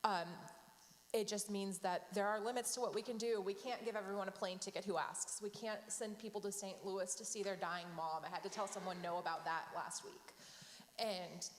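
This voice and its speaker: A woman's voice: medium pitch, steady tone, normal speed, big-room sound. A woman who works at an aid organization, speaking earnestly and with emotion in a panel discussion.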